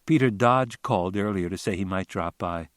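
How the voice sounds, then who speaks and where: A man doing a soft-spoken young wife. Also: deep voice, moderate pace, no echo, studio quality, natural voice. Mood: gentle. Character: young wife, gentle, a little defensive.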